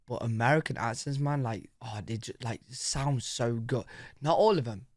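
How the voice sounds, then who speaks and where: A British man hosting a reaction video, talking in a chatty, animated way and often saying "bro". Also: mid-range voice, normal speed, no echo, clean studio sound. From United Kingdom. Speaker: reaction channel host. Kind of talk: casual reaction commentary.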